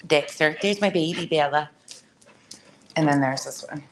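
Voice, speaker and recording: A woman with a low voice talks casually to the camera from her home, blunt and chatty, cursing freely. A faint hiss sits under the recording. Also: normal speed. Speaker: cat owner vlogger. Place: home, indoors.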